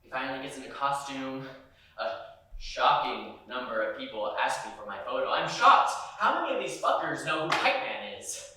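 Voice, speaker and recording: A young man performing a dramatic solo monologue, moving between quiet hurt and loud anger. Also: mid-range voice, animated, normal speed, background noise. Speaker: stage performer. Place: university performance space. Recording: very echoey room, mic far off.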